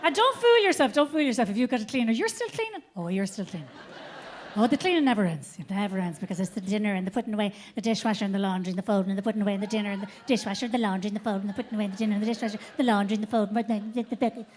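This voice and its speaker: A woman's voice: medium pitch, expressive, very fast. An Irish woman doing a live stand-up routine on a theatre stage, brash and profane, telling stories with lots of animation. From Ireland. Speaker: stand-up comedian.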